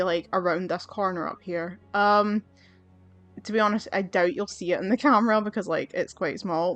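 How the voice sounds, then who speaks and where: A woman's voice: mid-range voice, a bit bright, dry recording. A woman hosting a gaming channel, rambling and swearing through casual gameplay commentary, with her mic a little far away. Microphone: desk mic, a bit far from her face.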